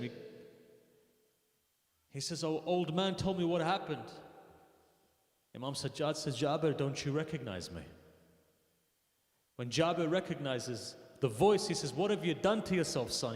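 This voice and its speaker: A man's voice: a little high, expressive, normal speed, pauses often. A man telling a mournful religious story in a sermon, voicing the people in it as his intensity rises. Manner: storytelling, voicing quoted figures with rising intensity. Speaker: speaker at a mosque gathering. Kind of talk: emotional sermon narration. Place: mosque hall. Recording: echoey hall with long reverb.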